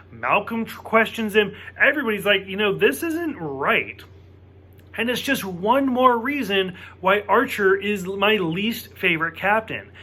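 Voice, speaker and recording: A man's voice: high-pitched, pushed and bright. A man giving a casual spoken TV episode review to camera, emphatic and worked up, swearing freely.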